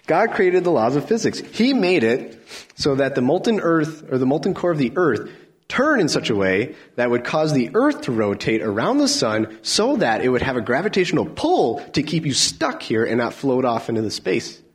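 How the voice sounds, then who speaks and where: Husky guy preaching, voice jumps all over, loud then real quiet. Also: medium pitch, moderate pace. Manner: animated, swings between loud emphatic lines and soft near-whispers. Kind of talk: sermon.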